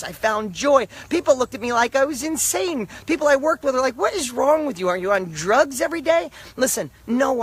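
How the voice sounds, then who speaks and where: A middle-aged man giving an emphatic, repetitive motivational talk, swinging between loud and soft. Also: high-pitched. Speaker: motivational speaker.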